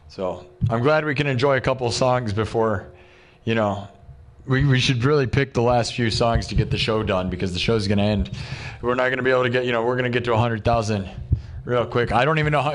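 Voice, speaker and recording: A young man hosting a livestream, chatting casually and excitably, full of "dude" and "like", and rattling off supporters' names. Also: mid-range voice. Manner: excitable, loose, peppered with "dude" and "like"; reads out supporters' names in a quick list. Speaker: livestream host. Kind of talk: casual rambling livestream chat.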